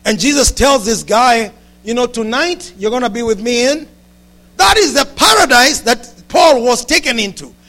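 Brief: male pastor, very high voice, lively sermon delivery with shouted peaks. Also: normal speed. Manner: animated preaching, rising to shouts, with frequent asides to the congregation.

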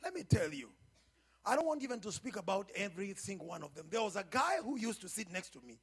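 High, husky-voiced preaching pastor. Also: male voice, very animated, fast talker. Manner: preaching with rising shouts and sung phrases. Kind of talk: sermon.

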